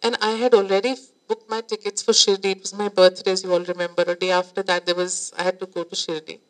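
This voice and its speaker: A woman's voice: mid-range voice, flat delivery, fast, poor audio. A woman with an Indian English accent giving a devotional talk to an audience. She tells her story in an earnest, emotional way and slips into Hindi phrases. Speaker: spiritual teacher.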